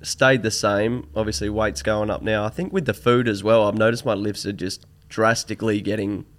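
A young man with a fairly low voice, a guest on a podcast in relaxed casual chat. He talks in an easygoing way, often with short agreeing replies. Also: normal speed. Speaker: guest, personal trainer.

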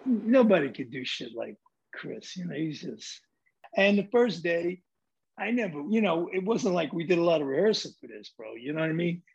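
A New York man with a gravelly, husky voice and a slightly high pitch, rambling through profane anecdotes with street swagger. He talks casually as a film director guest. The recording sounds dull and lo-fi. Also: big pitch swings, moderate pace, a little mellow. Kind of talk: casual storytelling.

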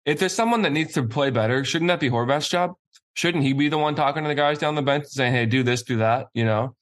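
A man's voice: a little high, fast talker, fairly bright tone. Man hosting casual hockey talk. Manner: incredulous, builds his point with repeated phrases.

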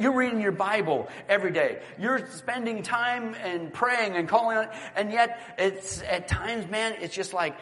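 A middle-aged male pastor preaching with a fairly high voice that rings out through a large church sanctuary. He swings between energetic exclamations and hushed prayer. Soft music plays faintly behind him. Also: big-room sound. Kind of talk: sermon.

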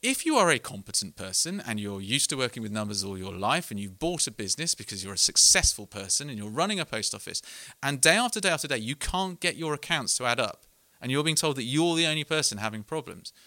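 Middle-aged English man, earnest author reading aloud at a live talk; bright, lively delivery, close and dry. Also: mid-range voice, quick pace, no echo. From England. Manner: earnest, candid, self-deprecating, with restarts. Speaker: author giving a book talk.

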